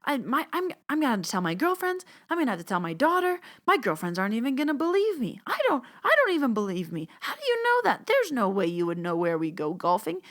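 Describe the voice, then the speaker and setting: A woman putting on an overjoyed woman who keeps repeating her disbelief in a breathless, high voice. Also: very animated, fast, few pauses, a bit bright. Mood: astonished, gushing. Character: overjoyed woman, astonished and gushing.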